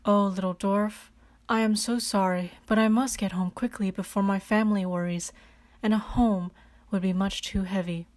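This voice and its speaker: A woman's voice: mid-range voice, fairly even intonation, normal speed, darkish tone, natural voice. A strutting lion politely declines to help, eager to get home to its family, voiced by a woman reading aloud. The voice stays near her own. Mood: apologetic.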